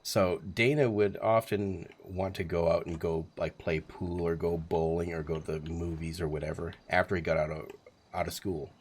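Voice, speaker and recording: A man's voice: low voice, flat delivery, normal speed, breathy edge. A man in his forties telling a rambling, profane story on a live stream, chuckling as he goes. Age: 40s.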